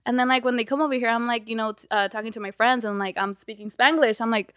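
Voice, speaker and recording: A woman's voice: fairly high pitch, steady tone, quick pace, fairly bright tone, no echo, clean studio sound. A woman guest on a podcast, chatting casually and filling her talk with lots of little fillers. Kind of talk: casual chat.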